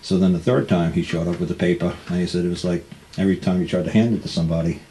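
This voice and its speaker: A man's voice: deep voice, fairly even intonation, very fast, warm tone, slight background noise. A man hosting a talk show, telling rambling anecdotes and acting out what other people said, often laughing. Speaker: radio show host. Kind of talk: casual storytelling.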